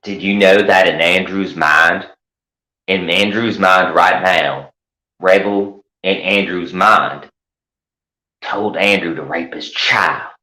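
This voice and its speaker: A man's voice: low-pitched, slow pace, sharp tone, roomy sound, poor audio. A man hosting his own channel, ranting in sarcastic, profane commentary. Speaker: channel host.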